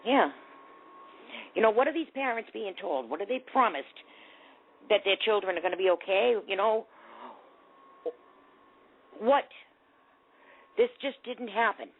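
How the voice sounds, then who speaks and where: A woman's voice: mid-range voice, lively intonation, measured pace, long pauses. A woman hosting a talk radio show, giving indignant, sarcastic commentary. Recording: tinny phone-like audio.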